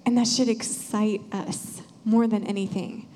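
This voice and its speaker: A young woman sharing an earnest, animated church testimony. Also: mid-range voice, a little slow, slight background noise. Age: young adult. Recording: hall reverb.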